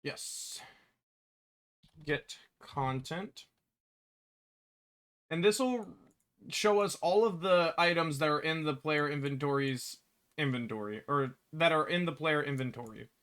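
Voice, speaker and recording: A man developing a game, thinking aloud in a halting way, correcting himself as he works and muttering to himself. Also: on the high side, fairly bright tone. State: hiccuping. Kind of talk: thinking aloud while working.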